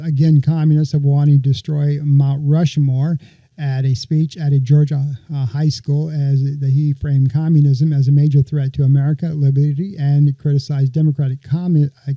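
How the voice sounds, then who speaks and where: This political commentary comes from a male podcast host whose slightly high voice guides listeners through a subject in a chatty, sarcastic manner. The audio is lo-fi with no echo.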